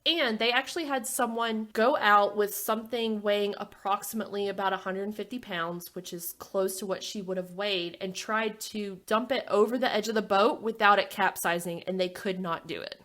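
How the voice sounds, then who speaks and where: A woman's voice: medium pitch, fairly even intonation, normal speed, hardly any pauses, a bit bright. Chatty woman co-hosting a true crime podcast. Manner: chatty, walks through case details with asides. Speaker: podcast co-host. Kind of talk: casual true crime chat.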